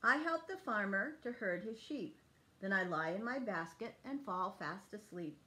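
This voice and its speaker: A woman's voice: medium pitch, lively intonation, moderate pace, pushed and bright, rough recording. A woman voicing a helpful herding sheepdog from a storybook, in simple rhymes. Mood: content.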